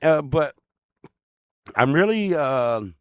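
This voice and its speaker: A man's voice: fairly high pitch, expressive, takes it slowly, smooth, no echo. A man hosting his own channel, talking casually to viewers in a rambling, crude, joking way. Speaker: channel host.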